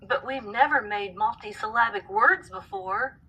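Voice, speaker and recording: A woman's voice: on the high side, sing-song, unhurried, creaky, bright, forceful tone, slightly rough, full character voice, poor audio. A woman voicing the letter N in a storybook, careful and explanatory. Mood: thoughtful. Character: thoughtful letter N, storybook character.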